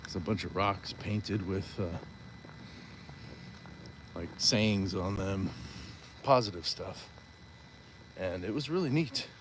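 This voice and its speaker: A man hosting a live stream, chatting casually in a rambling, unhurried way with many fillers. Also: sits low, slight background noise. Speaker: livestream host.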